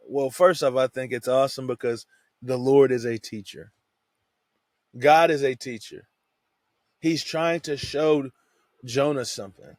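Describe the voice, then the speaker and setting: A young adult man giving a relaxed, conversational Bible devotional who often drops "man" into his sentences. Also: medium pitch, no echo. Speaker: devotional teacher.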